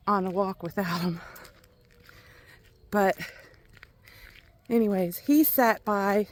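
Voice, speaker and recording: Middle-aged woman, Kentucky accent, out of breath, unhurried rambling chat, walking outdoors, phone mic. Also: medium pitch. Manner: chatty, rambling, talks to viewers while walking laps. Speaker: vlogger. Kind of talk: casual chat while walking. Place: outdoors, walking around a neighborhood.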